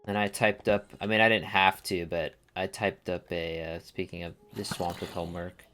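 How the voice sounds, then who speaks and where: A man's voice: low voice, fairly even intonation, normal speed, fairly bright tone, faint music behind. A young man chatting casually and rambling while playing a game, dropping slang as he goes. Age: young adult. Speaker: let's play gamer. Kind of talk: casual gameplay commentary.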